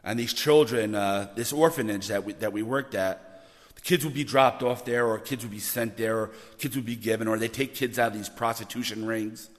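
A man preaching a sermon, animated and often repeating words as he builds to loud emphasis. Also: fairly low pitch, moderate pace. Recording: long reverb of a church hall.

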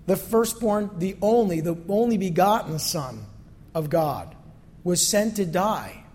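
A man's voice: sits high, expressive, a little slow, darkish tone. A male pastor giving a conversational sermon that is full of rhetorical questions, recorded in a church sanctuary. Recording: long reverb from a hall.

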